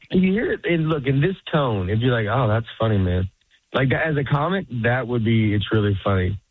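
A man's voice: medium pitch, no echo. A man, a stand-up comedian, chatting as an interview guest. He rambles, laughs often and acts out quoted lines. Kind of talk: casual interview chat. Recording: dry phone-like sound.

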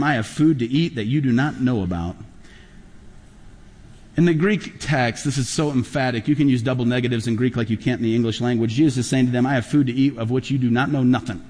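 Emphatic pastor preaching in a hall. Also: male voice, mid-range voice. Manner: storytelling, emphatic, rising to loud peaks. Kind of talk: sermon. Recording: long hall reverb.

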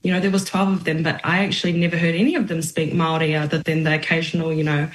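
A woman with a fairly low voice talks as a guest in a relaxed interview. She is reflective and halting, and she restarts her sentences. Her voice carries a roomy echo. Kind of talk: casual interview conversation.

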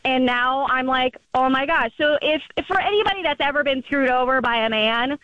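A woman's voice: high voice, fairly quick, fairly bright tone, no echo. A woman calling in to a radio show, telling her story in a chatty way, full of "like" fillers. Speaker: caller. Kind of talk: phone-in storytelling. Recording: muffled phone line.

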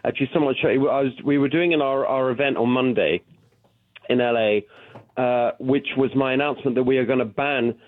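A man with a British accent, a political candidate calling in to a radio show, animated and full of restarts. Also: mid-range voice, brisk, no echo. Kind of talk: phone-in radio interview. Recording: tinny phone line.

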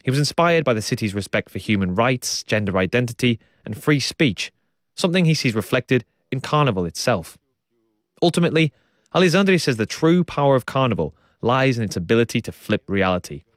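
A man presenting a radio documentary, narrating and describing what he sees in a calm, descriptive way. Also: mid-range voice, fairly quick, no echo. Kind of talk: documentary narration and on-site reporting.

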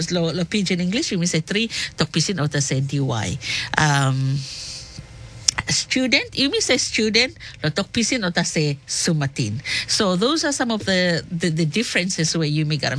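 Radio presenter, woman, Solomon Islands accent, low-pitched, halting and full of fillers. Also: fairly bright tone. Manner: halting, code-switching, many fillers. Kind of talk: casual on-air explanation.

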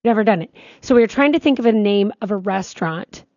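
A woman's voice: medium pitch, quick pace, no room sound, muffled recording. Chatty woman co-hosting a talk show. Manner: chatty, storytelling, animated. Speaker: radio co-host. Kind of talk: casual on-air chat.

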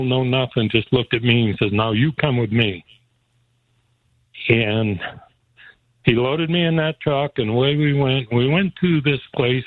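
A man's voice: mid-range voice, no echo. Folksy male storyteller, chuckles through the tale, thin phone-line sound, dead dry. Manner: folksy, chuckling often while telling. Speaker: guest. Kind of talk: personal storytelling.

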